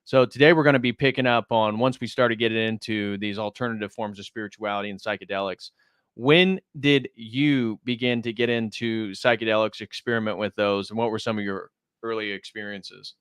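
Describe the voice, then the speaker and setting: Smooth-voiced man hosting an interview. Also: lowish voice, steady tone, a bit bright, no echo, clean studio sound. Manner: measured, explaining questions. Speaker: host. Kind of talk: livestream interview.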